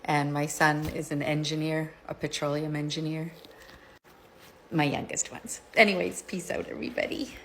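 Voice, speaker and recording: A woman's voice: sits low, steady tone, moderate pace, fairly bright tone, slight background noise. A middle-aged woman telling rambling stories to her vlog viewers, chatty and digressive, laughing often. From Canada. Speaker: vlogger. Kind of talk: casual chat, rambling storytelling.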